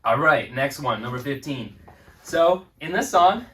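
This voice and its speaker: A man's voice: mid-range voice, lively intonation, measured pace, fairly bright tone, recorded from a distance. A young man hosting a casual quiz with a friend, reading lyrics aloud and laughing often. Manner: laughs often, reads lines with mock flair. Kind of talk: casual chat.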